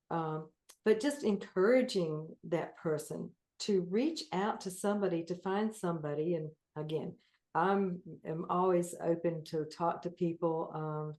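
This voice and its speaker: Southern lady on an interview, upbeat and encouraging, laughs a lot, bit low voice. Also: mellow, reverberant. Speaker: guest. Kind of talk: casual interview chat.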